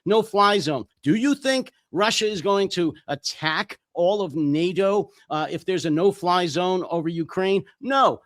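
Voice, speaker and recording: A hoarse man in a heated political commentary, blunt and angry, swearing freely. His voice sits a little high for a man, and the sound is close and dry with no room around it. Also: measured pace, hardly any pauses, a bit bright, no echo. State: voice worn out. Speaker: co-host.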